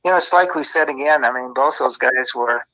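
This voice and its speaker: A man's voice: mid-range voice, fairly quick, sharp tone, poor audio. A man being interviewed, recalling his scouting days in a rambling, self-correcting way. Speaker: former football scout and guest. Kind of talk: interview reminiscing.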